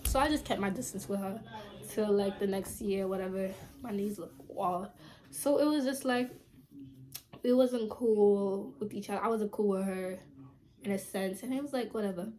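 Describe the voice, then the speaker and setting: A young woman vlogger casually telling a story to her camera, chatty and animated, full of "like". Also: normal speed. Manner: chatty and animated, heavy use of "like", jumps high when quoting people. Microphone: camera mic at home, filming herself.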